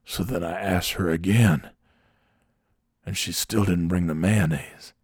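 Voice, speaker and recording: Man doing a petty male coworker fixated on a grievance; slow drawl, gravelly low voice. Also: a little mellow, dry recording, clean studio sound, heavily acted. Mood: aggrieved. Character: fixated man coworker griping about mayonnaise.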